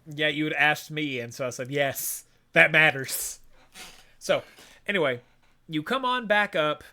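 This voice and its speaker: A male podcast host chatting casually about a video game, rambling through the plot with lots of animation. His voice is bright and swings widely in pitch. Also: very animated, normal speed. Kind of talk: casual game review chat.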